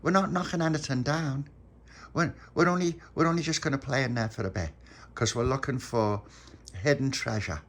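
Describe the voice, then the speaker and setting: A man's voice: mid-range voice, moderate pace, fairly bright tone, voice pushed up. A man voicing an eager, bossy little boy who stumbles over his words as he leads his friends' game.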